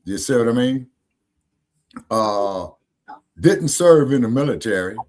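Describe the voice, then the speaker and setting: A man's voice: medium pitch, expressive, a little slow, a little mellow. A man hosting a casual podcast discussion, talking emphatically, repeating points and checking his listeners follow him. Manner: emphatic, preachy, repeats himself and asks "you see what I'm saying?". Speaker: podcast host.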